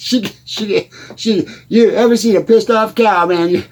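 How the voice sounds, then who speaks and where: In a comedy monologue, a man plays a rambling, stammering country bumpkin who tells folksy small-town tales, hosting as the character. His high, darkish voice moves at a measured pace, constantly repeating and restarting words, with slight background noise behind.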